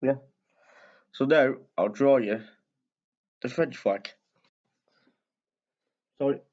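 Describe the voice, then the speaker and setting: A man reads a children's picture book aloud in a loose, chatty way, wandering off into asides and correcting himself as he goes. His voice sits at an ordinary middle pitch. The recording sounds a little muffled and lo-fi. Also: slow, a little mellow. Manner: rambling, chatty, frequent self-corrections. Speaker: storyteller and video host.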